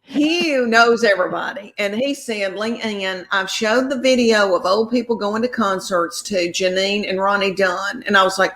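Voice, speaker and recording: A woman's voice: medium pitch, moderate pace, few pauses, fairly bright tone. Chatty middle-aged woman telling stories. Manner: chatty, rambling anecdotes. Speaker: comedian guest. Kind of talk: casual storytelling.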